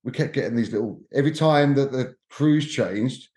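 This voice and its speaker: A man's voice: medium pitch, moderate pace. A man chats as a podcast guest, telling stories with feeling and acting out what others said. His voice sits in a noticeably roomy, echoey space. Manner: animated, emotional storyteller who acts out quotes. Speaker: podcast guest, cruise content creator. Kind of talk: casual storytelling chat. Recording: roomy echo.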